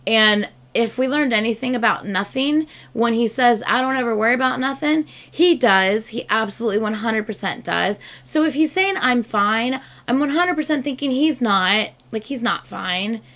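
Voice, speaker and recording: A woman's voice: fairly high pitch, expressive, moderate pace, few pauses, fairly bright tone. A woman reacting to a music video in casual, chatty commentary, gushing and swearing freely.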